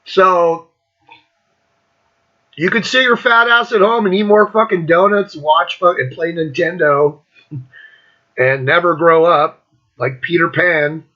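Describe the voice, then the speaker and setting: Man in his fifties, podcast host, blunt profane rant, high-pitched, slightly dull recording. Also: slow, long pauses, sharp tone. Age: 50s. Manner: blunt, profane, mocking, laughs often.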